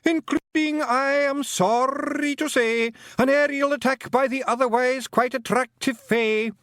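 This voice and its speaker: A tiny wailing pixie poet. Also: male voice, extremely high pitch, steady tone, measured pace, a bit bright, no echo, clean studio sound, voice pushed up. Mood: mournful declaiming. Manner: wailing, declaiming. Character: tiny theatrical male pixie poet, moaning verse.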